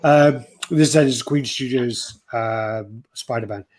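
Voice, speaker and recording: Husky guy hosting a collector chat stream, swears a lot, laid back. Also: medium pitch, slow pace, a little mellow. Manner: swears a lot, tells stories, reads out chat names. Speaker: host of a collectibles livestream. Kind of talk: casual chat.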